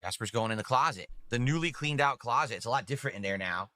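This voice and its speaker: A man's voice: mid-range voice, expressive, quick pace, pushed and bright, no echo. A man talking casually on his stream in a blunt, dismissive way, swearing freely.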